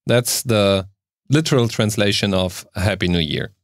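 German guy, native german, slowly explaining stuff with lots of ums, dry sound. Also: on the low side, lively intonation, no echo. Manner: explains carefully, hesitant fillers. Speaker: podcast co-host. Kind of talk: casual chat.

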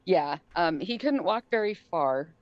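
A middle-aged woman tells a story in a casual, animated way, often laughing and acting out the lines of the people she talks about. Her voice sits fairly low and sounds dry and close. The sound is dull and lo-fi. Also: a little slow, no echo. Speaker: guest.

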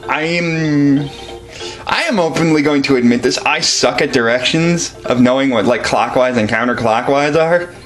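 A man's voice: mid-range voice, moderate pace, fairly bright tone, soft background music. A man giving casual, joking commentary while playing a video game. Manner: joking, self-deprecating. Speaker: let's play commentator.

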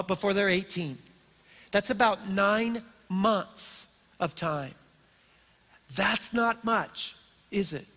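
An older man preaching a sermon in a church, telling stories in an animated, storytelling way. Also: high voice. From Colorado, USA. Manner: storytelling, animated and warm-hearted. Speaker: pastor. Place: church auditorium. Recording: long hall reverb.

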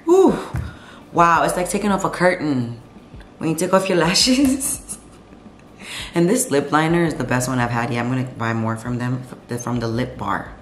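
Chatting to her camera late at night, a woman vlogs from home in a sassy, slangy way. Her very deep voice has lively intonation and a moderate pace. The nearby camera picks up an echoey room, music in the background and slight noise.

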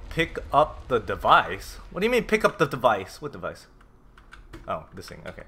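A man casually commenting on a game as he plays, reading notes aloud, swearing and reacting loudly. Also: medium pitch, huge pitch swings, normal speed, slightly rough. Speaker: gameplay streamer. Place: home room with a cat.

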